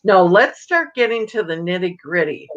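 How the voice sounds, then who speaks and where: A woman's voice: lowish voice, animated, moderate pace, fairly bright tone. A woman hosting a community radio interview, chatting in a loose, digressive way. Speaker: radio show host. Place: radio studio. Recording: dull lo-fi radio sound.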